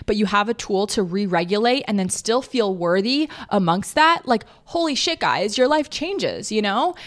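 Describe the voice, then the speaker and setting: A woman in the middle of her own solo podcast, chatting as a coach. Her pitch sits right in the middle. She talks loosely, full of filler words, and swears now and then. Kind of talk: casual solo podcast talk.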